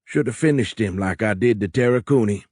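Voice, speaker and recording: A hard-bitten wartime submarine captain who growls his orders and his contempt, as a male narrator puts him on. His voice sits low and gruff, read close and dry for an audiobook. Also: a little fast, darkish tone, no room sound, natural voice. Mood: scornful. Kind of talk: audiobook character voice.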